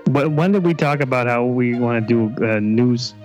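A man's voice: mid-range voice, moderate pace, darkish tone. A man in a comedy podcast with an ordinary mid-range voice. He stumbles over his words and sounds hesitant. Faint music plays underneath. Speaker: podcast co-host. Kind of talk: comedic banter.

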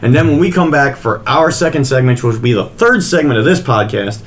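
A man's voice: medium pitch, expressive, a little fast. A man hosting a wrestling podcast, chatting casually in a rambling, good-natured, self-deprecating way. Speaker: podcast host.

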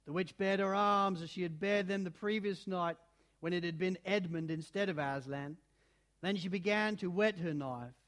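A man reading a children's storybook aloud in an expressive, dramatic way, shifting between loud and hushed passages. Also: sits high, moderate pace. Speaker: narrator.

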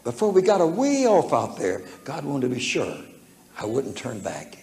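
A man's voice: mid-range voice, huge pitch swings, moderate pace, a little mellow. A man preaching a storytelling sermon, folksy and humorous, chuckling as he talks, recorded in an echoey church hall. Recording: echoey hall with faint room noise.

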